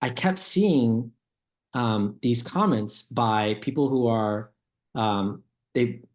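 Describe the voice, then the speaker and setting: A man's voice: medium pitch, takes it slowly, a little mellow. A laid-back man in a casual reaction chat who tells rambling stories and laughs often. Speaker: co-host.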